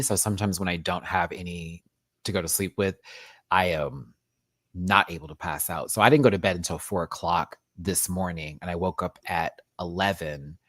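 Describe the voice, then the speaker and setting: A man hosting a casual live-stream review, chatty and sassy, calling viewers honey and child, often swooping up into high exclamations. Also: a bit bright, no echo, clean studio sound. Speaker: show review host.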